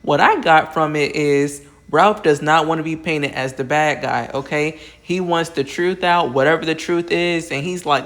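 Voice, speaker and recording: A woman's voice: sits low, unhurried. Chatty woman gossiping through a TV recap. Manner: chatty and gossipy, with fillers and asides to viewers. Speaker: reality TV recap host. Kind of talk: casual recap vlog.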